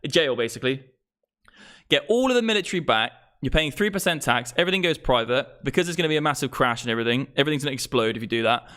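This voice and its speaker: Young man, livestream host, profane political rant, smooth resonant voice, mid pitch. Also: lively intonation, racing, a bit bright. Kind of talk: ranting livestream monologue. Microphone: streaming microphone.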